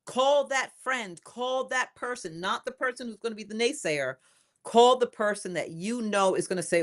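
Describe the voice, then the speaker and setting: An older woman being interviewed as a guest, talking in a lively, emphatic way and repeating phrases for emphasis. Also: fairly high pitch, moderate pace. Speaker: inventor and guest. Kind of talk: casual interview.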